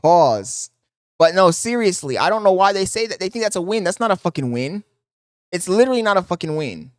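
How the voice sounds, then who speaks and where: A man's voice: high-pitched, very animated, brisk, no room sound, clean studio sound. Joking male streamer talking to his chat. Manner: chatty, joking asides to chat. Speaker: streamer reacting to videos. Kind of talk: casual live stream reaction.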